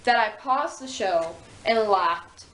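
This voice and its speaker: A young woman guest in a casual chat, enthusiastic and quick to agree. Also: mid-range voice, lively intonation, a bit bright. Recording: echoey room with faint noise.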